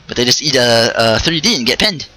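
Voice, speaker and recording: Bright, animated man rambling on a podcast. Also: medium pitch, fairly quick, rough recording. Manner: rambling, stops and restarts mid-thought; chatty, with short asides while playing a video game. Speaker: podcast host. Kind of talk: casual solo podcast recap.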